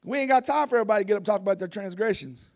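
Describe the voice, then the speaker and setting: A man with a high voice preaching a sermon outdoors in the wind. His delivery is folksy and animated, and he uses casual everyday grammar. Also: very fast.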